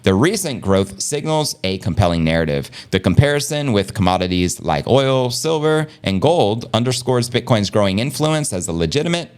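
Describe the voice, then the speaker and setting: A man hosting a live crypto news stream, reading headlines and excitedly shouting out viewers as family. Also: on the low side, moderate pace, hardly any pauses, clean tone. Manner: hype, calls viewers family, shouts out members. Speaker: crypto news livestream host.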